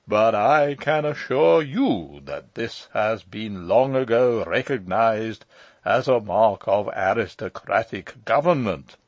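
A pompous old gentleman holds forth in a long-winded lecture, as a man reads him aloud. His pitch swings widely as he drones on. The audiobook recording is dry and a little dull. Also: no room sound, heavily acted. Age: older. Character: pompous elderly male lecturer, self-important.

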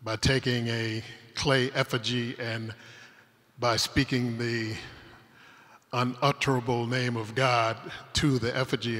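A man's voice: mid-range voice, fairly bright tone. A man with a mid-range voice tells winding, humorous stories from a conference stage. His words ring out with a long reverb from the big hall around him. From Detroit, Michigan, USA. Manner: rambling, humorous anecdotes told with asides. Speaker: conference speaker. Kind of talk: storytelling talk on stage. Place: converted industrial hall used as a conference venue.

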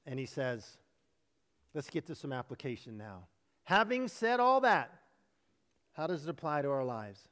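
A man preaching a sermon as pastor, animated and humorous, acting out voices in his storytelling. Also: on the high side, normal speed, long pauses, big-room sound. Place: church sanctuary.

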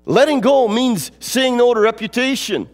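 A man preaching a sermon in a church, emphatic and fond of repeating phrases, his voice swinging between lifting up and dropping low. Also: normal speed, big-room sound, soft background music. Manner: emphatic, repeats phrases, rises and falls in pitch. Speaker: pastor. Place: church sanctuary.

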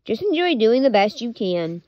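Woman reading a gentle caring grown woman. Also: a little high, very animated, moderate pace, no echo, dull audio.

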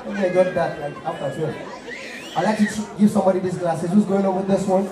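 A young man doing animated stand-up comedy on a live stage, telling stories loudly in pidgin-tinged English. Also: high voice, a little fast, noisy background. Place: live stage before an audience. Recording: roomy live stage, distant mic, crowd.

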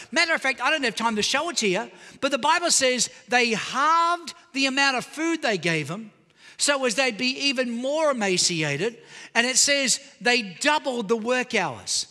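High bright-voiced preaching pastor. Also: male voice, moderate pace, long reverb tail. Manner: animated preaching, calls out to the congregation. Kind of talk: sermon. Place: church auditorium.

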